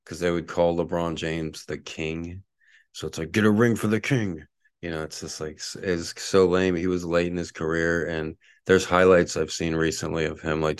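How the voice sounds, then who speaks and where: A man's voice: deep voice, clear, resonant tone, no echo, studio quality. A man hosting a solo sports podcast from his apartment, rambling with lots of fillers. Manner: angry ranting at a neighbor outside. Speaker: podcast host. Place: apartment at home.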